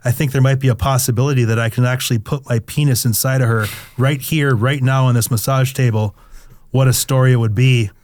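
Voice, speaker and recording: A man's voice: medium pitch, a little mellow, no room sound, studio quality. A middle-aged man reading his own memoir aloud in the first person, candid and crude in a confessional tone.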